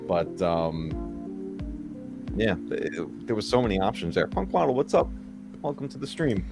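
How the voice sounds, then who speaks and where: A man with a very low, deep voice hosts a casual live stream. He talks in a rambling, nostalgic way, chuckling as he goes. Music plays clearly behind him. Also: big pitch swings, moderate pace. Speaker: stream host. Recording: music playing under the voice.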